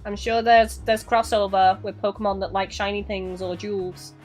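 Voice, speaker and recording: A woman casually commenting on a game she plays, chatty and quick to laugh and react out loud. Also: mid-range voice, fairly even intonation, soft background music. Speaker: let's play streamer.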